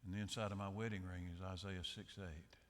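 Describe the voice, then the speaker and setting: A man's voice: low-pitched, little pitch movement, a little fast, big-room sound. A man preaching a sermon as pastor, joking and telling stories in a folksy way. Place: large church sanctuary.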